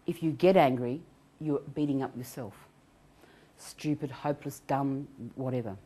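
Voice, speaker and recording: A middle-aged woman giving an animated self-help talk on anxiety recovery. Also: a bass voice, normal speed, husky. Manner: animated, acts out quoted voices, laughs often.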